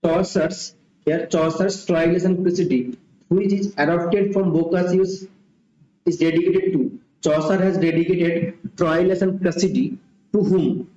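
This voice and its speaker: A man's voice: high voice, fairly even intonation, unhurried, warm tone. A man tutoring for an exam, repeating himself and thinking aloud with fillers. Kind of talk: mock test lecture. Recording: dull, roomy home recording.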